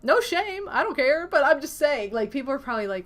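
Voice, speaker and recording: A woman's voice: sits high, big pitch swings, a little fast. A young adult woman streaming from her apartment, chatting casually and animatedly with her audience. She giggles often and drops into cooing baby talk. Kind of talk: casual livestream chat.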